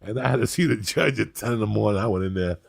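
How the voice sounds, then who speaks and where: Middle-aged guy telling a story, cursing a lot, deep gravelly husky voice. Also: quick pace. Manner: profane, animated storyteller acting out other people's voices. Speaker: podcast host. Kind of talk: storytelling in casual chat.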